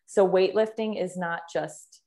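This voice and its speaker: A woman's voice: fairly low pitch, unhurried, dark tone. A young adult woman, a fitness trainer talking as a podcast guest, speaking with eager emphasis and repeating words for stress. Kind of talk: conversational podcast interview.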